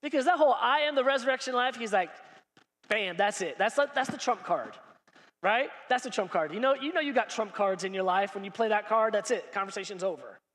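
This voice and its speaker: High, bright-voiced preaching man. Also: animated, brisk, long reverb tail. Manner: preaching with acted-out dialogue, rising to shouts. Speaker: pastor. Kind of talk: sermon. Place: large church hall.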